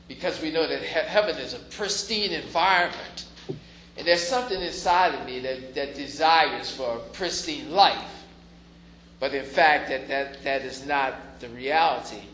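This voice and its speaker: Faint noise and echo fill the room as a pastor delivers a conversational sermon, sometimes pushing into emphatic stresses. He speaks in a mid-range, somewhat bright voice.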